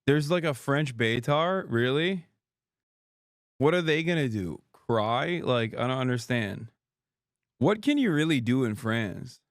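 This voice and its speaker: Sarcastic male streamer, smooth dry voice. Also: mid-range voice, animated, measured pace, no room sound. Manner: sarcastic, mocking, laughs often. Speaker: streamer host. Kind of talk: livestream reaction commentary.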